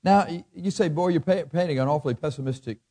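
Speaking fast in a mellow, somewhat high voice, a man delivers a sermon. He recites scripture in archaic King James style, and his folksy remarks come with chuckles at his own jokes.

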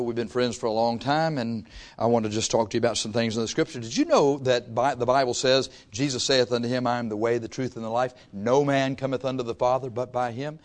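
A pastor preaching to his congregation, swinging from loud rises to soft asides. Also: medium pitch. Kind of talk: sermon. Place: church before a congregation.

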